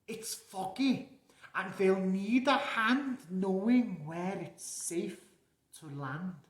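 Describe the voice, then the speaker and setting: A man's voice: sits high, a bit bright, heavily acted. A man playing Santa Claus, reading a storybook aloud to children with chuckles and chatty asides. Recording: echoey room.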